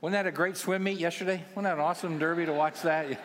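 A man's voice: fairly high pitch, steady tone, quick pace, fairly bright tone, slight background noise. A man in his sixties, a pastoral care minister, preaching a sermon with humorous, self-deprecating stories for the congregation. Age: 60s. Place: large church auditorium. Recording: long church hall reverb.

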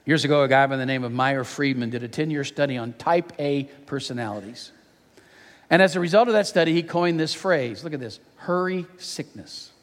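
An older pastor preaching a sermon in a conversational, storytelling way, speaking to a church audience. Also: male voice, medium pitch, brisk. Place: church auditorium. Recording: reverberant hall.

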